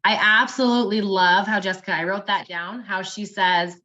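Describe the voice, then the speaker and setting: A woman's voice: mid-range voice, fairly even intonation, moderate pace, few pauses, sharp tone, lo-fi sound. A young woman giving casual, encouraging coaching tips and acting out sample messages in an upbeat voice. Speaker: network marketing team member.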